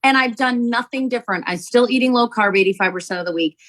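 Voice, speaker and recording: A woman, a company founder, telling an animated testimonial story to sell her product, acting out quotes as she goes. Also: on the high side, fast talker, poor audio. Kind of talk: testimonial sales pitch.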